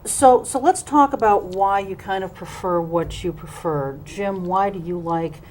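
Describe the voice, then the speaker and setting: A woman's voice: mid-range voice, measured pace, a little mellow, a little hiss or hum, low-quality recording. A woman hosting a local TV interview show in a chatty way, with frequent ums and uhs, who laughs at herself now and then. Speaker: host.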